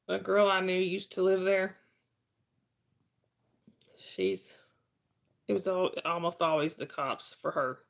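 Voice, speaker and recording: A middle-aged woman hosting a casual livestream, telling rambling stories and reading chat names aloud. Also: on the low side.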